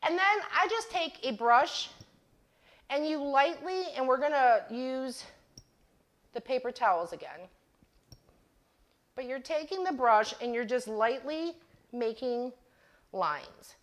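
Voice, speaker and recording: A middle-aged woman hosts a DIY craft livestream, chatting casually and laughing at herself as she demonstrates, a giggly, self-deprecating storyteller. Her voice sits high and is animated and a bit bright, but she speaks slowly with long pauses.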